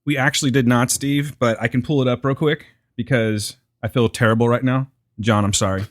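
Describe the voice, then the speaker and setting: A man's voice: medium pitch, steady tone, brisk, no room sound, studio quality. Joking man co-hosting a podcast. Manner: joking, self-deprecating banter. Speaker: podcast co-host. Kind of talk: casual chat.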